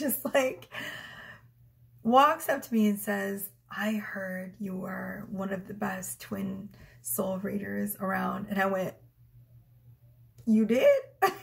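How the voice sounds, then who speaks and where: A chatty middle-aged woman tells stories from her tarot readings in a relaxed, emotional way. She giggles often and slips into little voices to quote herself and her clients, with a voice that sits at an ordinary middle pitch for a woman. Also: vocal fry. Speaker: tarot reader. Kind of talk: casual spiritual storytelling to camera.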